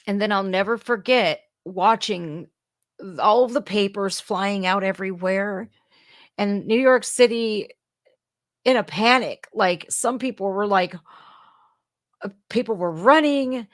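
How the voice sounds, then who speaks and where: Slow-talking blunt woman in her forties. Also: mid-range voice, no echo, clean studio sound. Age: 40s. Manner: blunt, profane, sarcastic. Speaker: livestream host. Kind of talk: casual political reaction chat.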